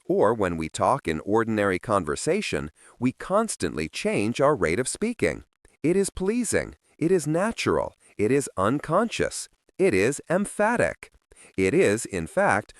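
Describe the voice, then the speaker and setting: A man's voice: on the low side, dry recording, clean studio sound. A man narrating a self-help audiobook in an emphatic, instructional reading style.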